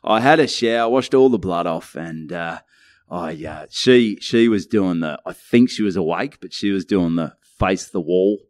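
A man's voice: deep voice, normal speed, dry recording, clean studio sound. A young Australian man co-hosting a podcast, rambling through a crude anecdote and acting out the lines people said. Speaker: podcast co-host. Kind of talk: casual storytelling chat. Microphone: studio mic.

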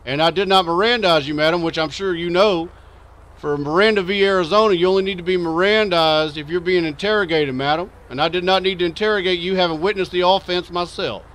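A man's voice: high voice, fairly quick, fairly bright tone. A man playing a stern, foul-mouthed trooper. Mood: lecturing. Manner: formal and lecturing, with heavy profanity. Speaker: streamer playing a police officer. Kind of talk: game role-play.

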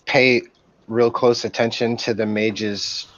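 A man's voice: medium pitch, takes it slowly, dull audio. A man chatting casually and profanely with teammates about a match he is playing. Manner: relaxed, profane, fillers. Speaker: gamer in team voice chat. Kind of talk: casual game chat.

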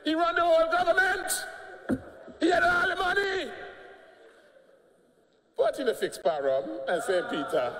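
An older man with an Antiguan accent giving a combative, mocking speech in parliament. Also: extremely high pitch. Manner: combative, mocking, laughing jabs. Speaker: politician speaking in parliament. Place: parliament chamber. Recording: echoey chamber, long reverb.

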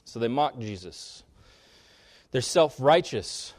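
Male pastor, mid-range voice, sermon delivery with strong emphatic rises and quiet drops. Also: lively intonation, slow pace. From Kansas. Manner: preaching with big swings in pitch and loudness, rising sharply on key points.

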